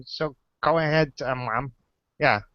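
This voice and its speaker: A man's voice: mid-range voice, unhurried, no echo, lo-fi sound. Stammering player man. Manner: hesitant, stammering. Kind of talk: casual game play talk.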